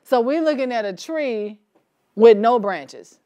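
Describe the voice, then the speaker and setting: A woman leading a church Bible study in a relaxed, conversational way, asking the group questions and laughing easily. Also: a little high, slow.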